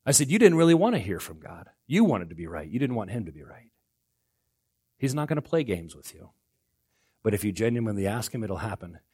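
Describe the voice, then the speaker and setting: A middle-aged man preaching a sermon as pastor, swinging between loud outbursts and hushed lines. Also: fairly low pitch, sing-song, a little fast, breathy edge.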